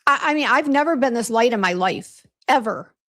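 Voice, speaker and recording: Animated and fairly bright, her high-leaning voice moves at a normal speed. The beauty brand owner chats on a livestream, reading comments and naming viewers as she vents about a hair appointment that went badly, with lots of fillers and restarts.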